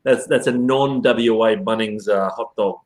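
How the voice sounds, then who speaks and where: A man's voice: fairly low pitch, a little slow, darkish tone, low-quality recording. Playful man in banter. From Australia. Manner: playful banter, swears casually. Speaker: co-host of a live reselling show. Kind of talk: casual live-stream chat.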